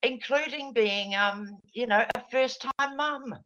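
A woman's voice: fairly high pitch, measured pace, sharp tone, rough recording. A middle-aged woman, chatting in a rambling, digressive way with frequent laughs. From New Zealand. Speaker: guest, former radio presenter. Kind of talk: casual chat.

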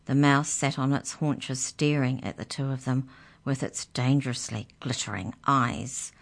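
Low-voiced New woman reading a story. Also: steady tone, measured pace, gravelly. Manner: gentle, chatty with the children. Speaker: children's story reader. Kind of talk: reading a story aloud on radio.

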